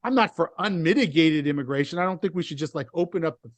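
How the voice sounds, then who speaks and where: A man's voice: fairly high pitch, fast talker, dry recording. A middle-aged man speaking as a podcast guest, explaining his views earnestly with frequent restarts. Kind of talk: casual interview conversation.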